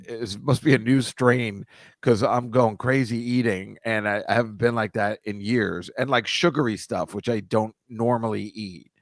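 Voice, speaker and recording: A man co-hosting a podcast rambles and muses aloud in easygoing chat and laughs easily. His voice sits a little low and sounds dry and close. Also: steady tone, moderate pace, no echo. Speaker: podcast co-host. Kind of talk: casual chat.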